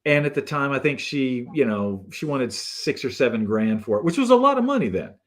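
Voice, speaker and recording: A man, a guest on a talk show, telling a story in a relaxed, animated way and acting out the people in it. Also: mid-range voice, fairly quick. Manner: animated storyteller who acts out the people in his stories. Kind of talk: casual anecdote telling.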